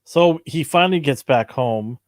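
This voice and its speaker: A man co-hosting a casual podcast chat about a TV episode, jokey and quick to laugh, quoting the characters. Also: medium pitch, animated, clean tone, no room sound, clean studio sound. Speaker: podcast co-host.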